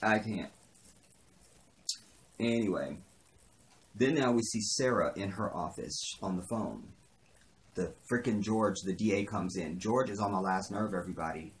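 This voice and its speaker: A man's voice: on the low side, measured pace, pauses often. A man giving a chatty, opinionated recap of a TV drama episode, acting out bits of the dialogue. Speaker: TV episode reviewer.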